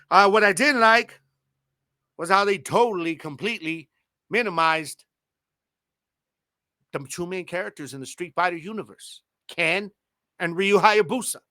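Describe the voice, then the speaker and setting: A man's voice: a little high, sharp tone, dry recording, clean studio sound. A man in his thirties hosting a podcast, talking in laid-back, slangy banter and laughing often. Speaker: podcast host. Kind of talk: casual chat.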